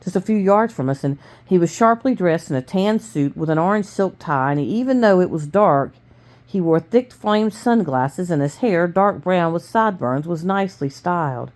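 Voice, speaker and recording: A woman reading a novel aloud, steady with small stumbles. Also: lowish voice, moderate pace. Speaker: reader.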